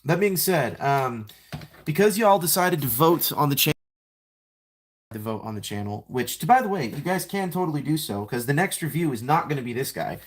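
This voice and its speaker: A man's voice: on the high side, lively intonation, moderate pace. A young man chatting casually on a live stream while transforming a toy figure, rambling, self-mocking and greeting viewers by name.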